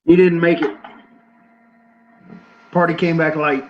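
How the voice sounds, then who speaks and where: A man player in a tabletop game, speaking in character in a calm, matter-of-fact way. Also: fairly high pitch, slow pace. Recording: distant dull lo-fi mic.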